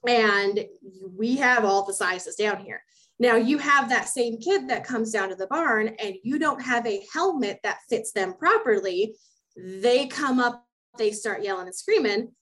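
A woman's voice: on the high side, expressive, measured pace, fairly bright tone, rough recording. A young adult woman co-hosting a casual podcast, talking emphatically, laughing often and repeating words as she thinks. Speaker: podcast co-host, horse program specialist.

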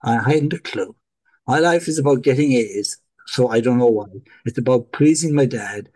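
A middle-aged man with an Irish accent and a husky, slightly rough voice, sitting at an average pitch. He talks as a podcast guest, telling stories with energy and playing out the lines of the people in them. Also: moderate pace. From Ireland. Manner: animated, acts out dialogue in his stories. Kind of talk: storytelling in a podcast interview.

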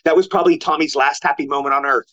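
A man's voice: fairly high pitch, fast talker, crowd noise. An older man, a guest actor, telling stories in casual talk and acting out what others said in a raised voice. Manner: animated, quotes others in raised voice. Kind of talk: casual storytelling. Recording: lo-fi remote audio.

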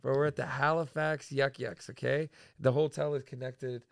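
A young man co-hosting a podcast, telling an animated, slangy story and saying "bro" a lot. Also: mid-range voice, moderate pace, creaky, no echo, clean studio sound. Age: young adult. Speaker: podcast co-host. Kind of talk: casual chat.

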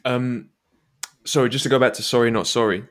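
A man hosting a music podcast in relaxed casual chat, steering the talk along. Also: mid-range voice, fairly quick.

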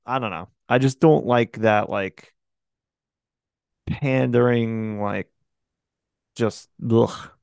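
A man rambles through a casual podcast chat, swearing freely and trailing into exasperated asides. His mid-pitched voice is strongly gravelly, recorded dry and close. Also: steady tone, slow pace, long pauses, darkish tone, no room sound. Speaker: podcast co-host.

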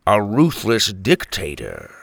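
Gruff grandpa, a man voicing him: blunt, growling, slow, gravelly. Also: lowish voice, huge pitch swings, a bit bright, no echo, heavily acted. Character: gruff, protective old grandfather.

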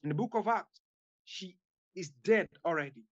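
A woman's voice: fairly low pitch, normal speed, muffled recording. A woman preaching as a guest evangelist, making fervent, repetitive appeals to her listeners.

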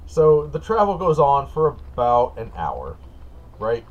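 A man running a tabletop game as game master, setting scenes in a relaxed, patient way. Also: mid-range voice, slow pace, highs cut off.

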